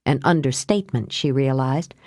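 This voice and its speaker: A woman reading an audiobook aloud, lifting her pitch for dialogue and dropping low for the narration. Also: moderate pace, darkish tone, no room sound, studio quality. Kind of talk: audiobook narration with character voices.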